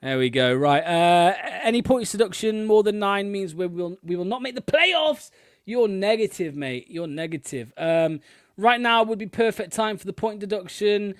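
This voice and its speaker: A high-voiced man with an English accent hosts a live fan call-in show. He talks in a loose, matey way and often repeats his short phrases. The sound is dry and close. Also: animated, normal speed, clean tone, no echo. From raised in Pembrokeshire, Wales. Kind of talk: casual live-stream chat.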